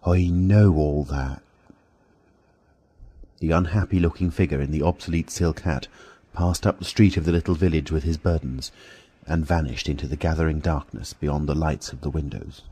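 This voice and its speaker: A man narrating an audiobook in a measured, steady storytelling manner. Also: extremely low pitch, slightly rough. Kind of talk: scripted narration.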